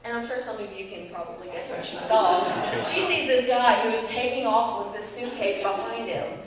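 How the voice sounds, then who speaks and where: A young woman giving a church talk, telling a lively story and acting out its people. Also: a little high, normal speed, crowd noise. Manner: lively storytelling, acts out voices. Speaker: youth speaker. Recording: echoey hall, distant mic, faint hiss.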